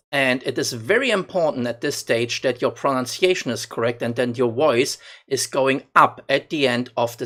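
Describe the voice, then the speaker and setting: A man teaching phrases in a slow, deliberate instructional voice-over, repeating lines for learners. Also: medium pitch, fairly bright tone. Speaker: language teacher.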